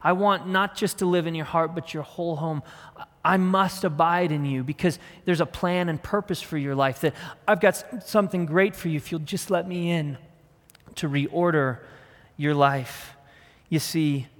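A man in his thirties preaching a sermon as a pastor, earnest, repeating his questions and slowing down on key words. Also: fairly high pitch. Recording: long hall reverb.

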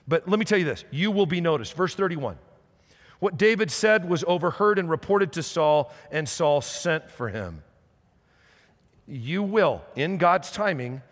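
Animated preacher in a reverberant hall. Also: male voice, a little high. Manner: animated storytelling with many restarts. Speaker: pastor. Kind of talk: sermon.

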